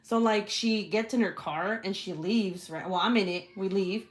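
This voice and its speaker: Woman host, casual swearing storyteller, loves to act out quotes and laugh. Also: normal speed. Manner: animated, swears freely, acts out quotes with big pitch jumps; laughs often while telling the story. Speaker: channel host.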